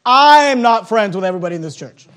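High-voiced animated preacher man. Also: fast, clear, resonant tone. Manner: animated preaching with acted-out dialogue and rising emphasis; blunt, joking asides. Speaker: pastor. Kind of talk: sermon.

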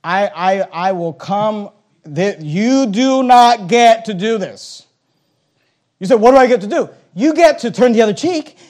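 A pastor preaching a sermon, acting out little dialogues and making blunt, joking asides. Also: male voice, high voice, a little slow. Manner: animated preaching with acted-out dialogue and rising emphasis.

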